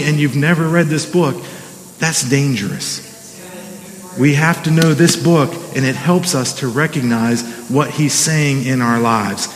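A man's voice: fairly high pitch, a little slow. Middle-aged male pastor preaching in a reverberant hall. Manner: conversational, with frequent restarts and "come on" asides. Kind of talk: sermon.

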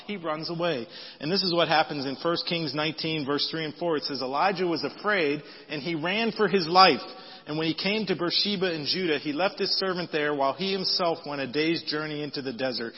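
A man's voice: on the high side, a little fast, husky. Preaching man in an echoing hall. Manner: conversational preaching, animated scripture reading. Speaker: pastor. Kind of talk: sermon. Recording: dull audio with long hall reverb.

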